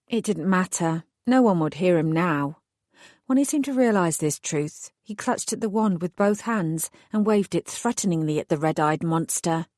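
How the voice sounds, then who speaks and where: A woman narrating a paranormal romance audiobook in the first person with measured, wry delivery. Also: on the low side, a little mellow, dry recording, clean studio sound.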